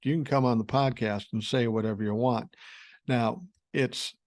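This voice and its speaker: A man in his sixties hosts a casual podcast, rambling through stories with blunt, salty language. His pitch sits at an average level for a man. The sound is close and dry, with no room echo. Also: fairly even intonation, normal speed, a little mellow. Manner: blunt, profane, rambling storyteller. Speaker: podcast host. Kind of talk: casual podcast talk reading listener email.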